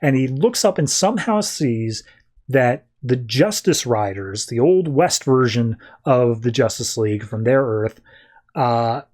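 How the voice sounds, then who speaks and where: A man's voice: mid-range voice, lively intonation, measured pace, darkish tone. A man hosting a podcast, recapping a comic in a breezy, jokey storytelling way. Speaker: podcast host.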